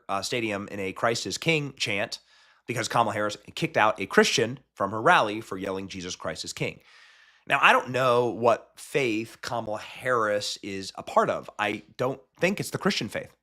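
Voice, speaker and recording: A man hosting a political commentary show, mocking and sarcastic, talking in quick asides with frequent restarts. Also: medium pitch, sharp tone. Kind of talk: fast opinionated political commentary.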